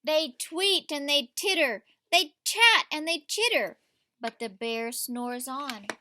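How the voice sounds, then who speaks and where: A woman teacher with a high, bright voice reads a picture book aloud to children. She reads slowly and with expression. She stops often to ask the children questions. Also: lively intonation, slight background noise.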